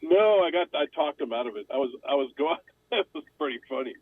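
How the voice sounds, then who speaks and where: A man's voice: on the high side, lively intonation, fast talker. An older man on a call from his car, telling a story in a chatty way and laughing along. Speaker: caller on the panel. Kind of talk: casual storytelling. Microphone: phone while driving. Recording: tinny dry phone line.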